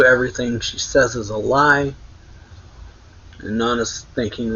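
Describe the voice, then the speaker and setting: Husky-voiced man casually recapping. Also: medium pitch, little pitch movement, normal speed, fairly bright tone, muffled recording. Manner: loose, rambling, self-correcting. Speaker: manga reaction host.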